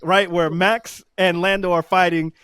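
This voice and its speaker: A man co-hosting a podcast in casual chat, excitable and quick to laugh. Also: sits high, smooth, dry recording, clean studio sound. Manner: excitable, laughs often, fast bursts. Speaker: podcast co-host.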